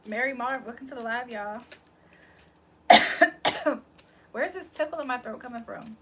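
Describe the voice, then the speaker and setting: A woman's voice: on the high side, a little slow, pushed and bright, husky. A young woman hosting a casual livestream, chatting loosely with her viewers, joking and laughing often. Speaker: livestream host reading chat.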